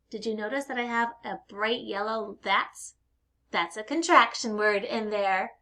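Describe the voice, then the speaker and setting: Upbeat woman teacher for small kids, bright and a bit high, playful delivery. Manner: upbeat, playful, exaggerated sounding-out of words. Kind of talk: recorded lesson for young children.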